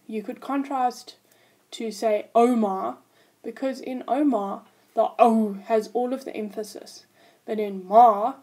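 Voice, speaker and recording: A woman's voice: on the high side, a little mellow. A woman teaching a language lesson, patiently explaining grammar rules and spelling words out letter by letter.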